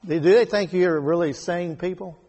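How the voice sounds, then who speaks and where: A man leading a Bible study, reading verses and explaining them slowly and deliberately. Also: high-pitched, darkish tone, muffled recording. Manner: slow and deliberate, rereading scripture verses aloud. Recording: echoey hall with long reverb.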